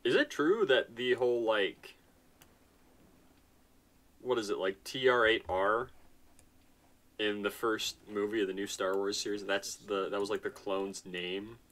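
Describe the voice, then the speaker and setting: A man's voice: fairly low pitch, steady tone, unhurried, long pauses, a bit bright. A man casually commenting on his strategy game as he plays, nonchalant and chatty, talking to himself and sounding tired. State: tired, yawning. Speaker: gaming channel host. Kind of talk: casual let's-play commentary.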